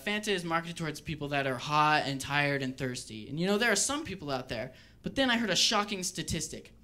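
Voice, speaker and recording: A man doing a stand-up routine on a club stage, wry and deadpan with rambling asides. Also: high-pitched. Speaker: stand-up comedian.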